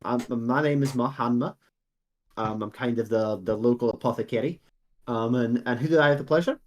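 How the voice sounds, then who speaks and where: A man's voice: medium pitch, brisk, voice pushed down, lightly acted. A man voicing an elderly female earth genasi apothecary, rambling and hesitant with many fillers. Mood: chattering.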